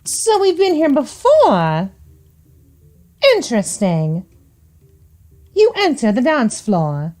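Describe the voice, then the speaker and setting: A woman's voice: a little high, huge pitch swings, slow pace, long pauses, a little mellow, faint music behind. A woman VTuber playing a visual novel and commenting in a theatrical, teasing, prim manner. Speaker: VTuber game streamer.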